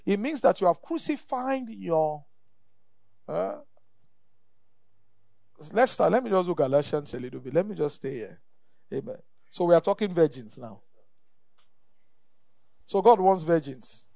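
Preaching with emphasis, this middle-aged pastor with a Nigerian accent repeats his points and calls for amen. His voice sits high with gravel and warmth, animated but a little slow, with frequent pauses. It's recorded close and dry with no room sound.

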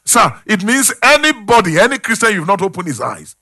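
A pastor with a high voice preaches briskly and very animatedly, calling out questions to the congregation. His sermon swings between loud and hushed.

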